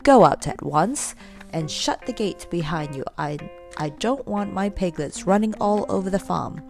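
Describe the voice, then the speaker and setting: A woman's voice: on the low side, expressive, moderate pace, gravelly, music in the background. Storybook role: woman doing an angry old mother pig, firm scolding voice. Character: cross big old mother sow.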